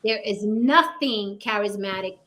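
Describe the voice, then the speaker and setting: A woman hosting a heated panel discussion, emphatic and profane, sometimes mimicking men in a low mocking tone. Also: measured pace, a bit bright. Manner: acts out men's voices in a low mocking tone. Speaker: panel host.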